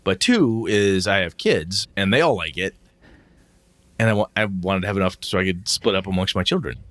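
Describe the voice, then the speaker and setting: Middle-aged male podcast co-host: deep, animated, blunt, dry close mic. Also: moderate pace, no room sound. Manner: blunt and emotional, swears freely. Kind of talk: casual chat.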